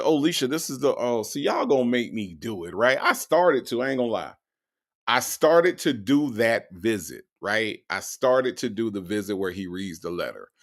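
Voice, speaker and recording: Gravelly-voiced man, livestream host, animated and slangy, lively swings in pitch. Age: 40s. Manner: animated, loud bursts, laughing, slangy. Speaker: livestream host reading chat. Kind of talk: casual livestream commentary.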